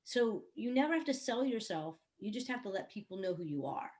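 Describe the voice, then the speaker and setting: A woman's voice: medium pitch, lively intonation, brisk, darkish tone. A woman who works as a songwriter, producer and coach, explaining her ideas earnestly on an online panel with everyday examples. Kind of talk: panel discussion.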